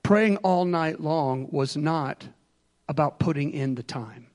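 A middle-aged man preaching a sermon in an animated, humorous way, dropping soft and then rising loud. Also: a little high, slow pace.

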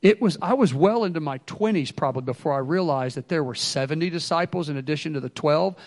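A middle-aged man preaching a sermon in an animated, humorous way, dropping soft and then rising loud. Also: fairly high pitch, fast.

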